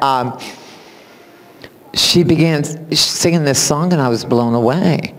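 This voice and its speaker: A man, a music teacher, giving a spoken introduction at a recital in animated storytelling fashion, acting out what people said and laughing often. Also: on the high side, measured pace, pauses often. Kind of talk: spoken tribute speech at a recital. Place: recital hall. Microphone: far camera. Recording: long hall reverb from a camera.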